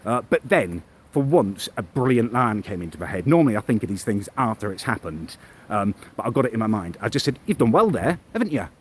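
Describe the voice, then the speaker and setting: Man, husky, low, lively pitch, smug sneering rant, phone mic. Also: a little fast. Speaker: vlogger. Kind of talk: comedic character rant.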